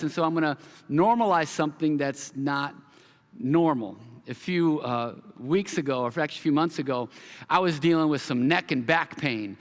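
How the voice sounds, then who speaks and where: Man preaching, high voice, lively storytelling, echoing church hall. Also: normal speed. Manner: storytelling, animated quoted voices. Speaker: pastor. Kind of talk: sermon. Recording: long hall reverb.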